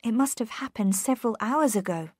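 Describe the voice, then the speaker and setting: A woman narrating an audiobook for English learners, reading slowly, carefully and in a measured way. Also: on the high side, expressive, darkish tone, breathy edge, dry recording, clean studio sound.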